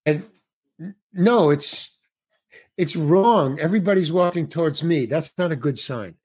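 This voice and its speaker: A man's voice: on the high side, measured pace, darkish tone, breathy edge. A middle-aged actor telling a story from a film set in casual conversation, acting out the other people's lines as he goes. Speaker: actor guest. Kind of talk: conversational anecdote.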